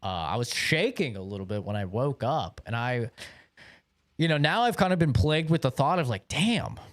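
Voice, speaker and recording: A young man streaming live, telling a story in a rambling, swear-heavy way with a mid-pitched voice that swings widely up and down. His words stay padded with "like" and "bro", and the sound is dry and close with no room echo. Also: lively intonation, fairly quick. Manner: rambling, profane, lots of filler like "like" and "bro". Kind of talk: casual livestream storytelling.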